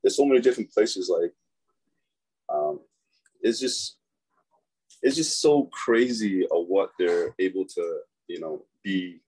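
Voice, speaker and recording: A man speaks as a guest, pausing often and filling the gaps with hesitant fillers. His voice is very deep and husky. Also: a little mellow, poor audio.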